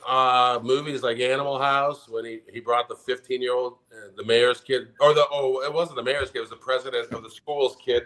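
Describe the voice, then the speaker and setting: A man's voice: medium pitch, fairly even intonation, a little fast, hardly any pauses, fairly bright tone. Gen X man co-hosting a podcast, loose rambling banter, heavy swearing. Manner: profane, rambling, laughs while talking. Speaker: podcast co-host. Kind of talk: casual chat.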